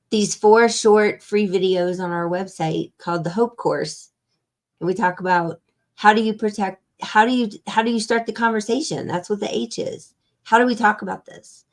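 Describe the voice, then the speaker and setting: A woman hosting an interview, a foundation founder, speaking earnestly and reflectively about her mission over a video call. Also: mid-range voice.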